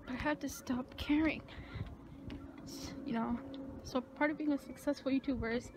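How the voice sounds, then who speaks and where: A young woman vlogging casually, rambling in a self-conscious way and often dropping to a hushed voice, filmed on a handheld phone out at a beach, in a car and at a gym. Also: high voice, fairly even intonation, normal speed, pauses often, noisy background. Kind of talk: casual vlog chat.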